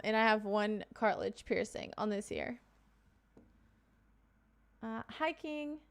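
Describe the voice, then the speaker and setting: Streamer woman from Kentucky, bit higher voice, smooth and clean, loose chatty delivery. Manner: chatty, loose, with fillers and quick asides. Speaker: live streamer. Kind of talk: casual chat reading viewer comments.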